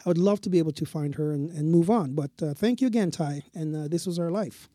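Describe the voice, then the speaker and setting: Mellow dark-voiced guy, chill reflective talk show chat. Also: fairly high pitch, no room sound, clean studio sound. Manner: slow, reflective storytelling. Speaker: co-host.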